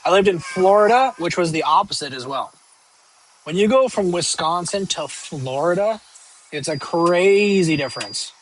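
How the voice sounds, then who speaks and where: Young male streamer, somewhat high voice, off-the-cuff rambling banter. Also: expressive, moderate pace, a little hiss or hum, low-quality recording. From northern United States. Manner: rambling, joking, with many fillers and restarts. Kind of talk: casual live-stream chat reading viewer questions.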